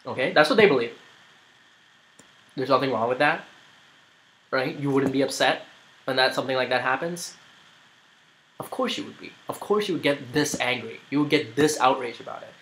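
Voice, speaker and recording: A man's voice: mid-range voice, moderate pace, pauses often, fairly bright tone, slight background noise, low-quality recording. A man commenting on a played video, argumentative and rambling, with many fillers. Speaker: YouTuber making a response video.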